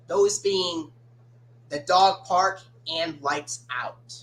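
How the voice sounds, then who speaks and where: Sex: woman. Role: stream host. Pace: slow. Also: fairly low pitch, low-quality recording. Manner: halting, with fillers and restarts. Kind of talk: casual chat stream.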